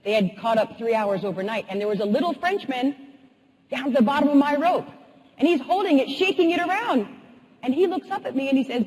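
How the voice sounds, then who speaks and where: A woman motivational speaker telling a humorous, animated story in a keynote talk. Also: high-pitched, brisk. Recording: husky voice in a reverberant hall.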